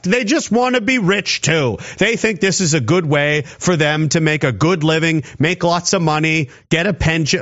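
A man's voice: sits high, a bit bright. A man from Canada ranting sarcastically about politics in an angry commentary. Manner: ranting, sarcastic, mocking voices. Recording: dull lo-fi audio.

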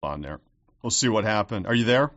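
A man's voice: fairly low pitch, lively intonation, a little fast, a bit bright, dull audio. A man hosting a casual talk show, easygoing and rambling as he sorts out technical problems. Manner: easygoing, rambling, fumbles with tech. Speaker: host. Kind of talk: casual conversation.

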